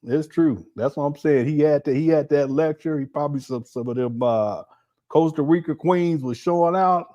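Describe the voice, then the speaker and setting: A man's voice: a little high, normal speed, mellow, muffled recording. A man hosting a casual livestream, reacting to clips with frequent laughter and disbelief. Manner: laughing often, incredulous, chatty.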